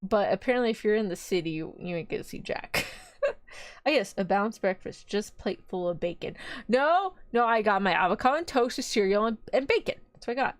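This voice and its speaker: A woman's voice: mid-range voice, no room sound, studio quality. A young woman, chatting and giggling casually on a live stream. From Texas. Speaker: VTuber streamer.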